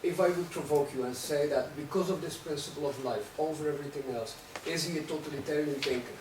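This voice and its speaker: A man's voice: on the high side, quick pace. Man questioning from the floor, echoey hall. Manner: provocative, rhetorical, tags statements with "right?". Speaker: audience questioner. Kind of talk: academic Q&A discussion. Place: lecture hall. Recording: echoey room, distant mic, faint noise.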